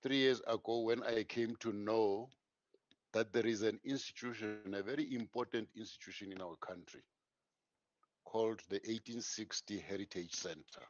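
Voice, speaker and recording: A man's voice: lowish voice, fairly even intonation, moderate pace, dry recording. Solemn South African man on a dull call line. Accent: South African English. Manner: solemn, oratorical. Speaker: panelist. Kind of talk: formal address to a panel. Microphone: video call. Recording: dull, dry video-call audio.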